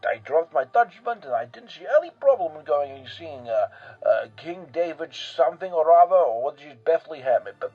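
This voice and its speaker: Male actor plays a rambling, bragging European eccentric, comic monologue, fairly high husky voice, dull lo-fi recording with faint music. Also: exaggerated voice. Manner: rambling, full of fillers and self-mockery. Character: rambling boastful European man, recovering drinker.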